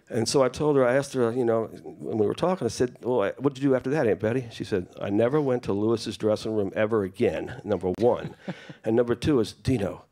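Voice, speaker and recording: A man telling family stories to an audience, acting out the people he quotes. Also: medium pitch. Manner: animated anecdote-telling, acts out quoted voices. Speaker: festival speaker sharing family stories. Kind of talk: storytelling talk to an audience.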